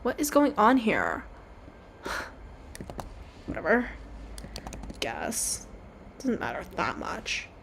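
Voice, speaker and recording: Her voice on the high side with wildly swooping pitch and vocal fry, a young woman draws on stream and talks slowly. She rambles, apologizes, jokes at her own expense and puts on silly voices, with background noise behind her.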